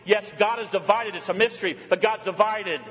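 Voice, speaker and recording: A man's voice: high-pitched, a little fast, fairly bright tone. An older man, a pastor preaching a sermon in a church, with earnest emphasis that rises and falls. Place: church sanctuary. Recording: long hall reverb.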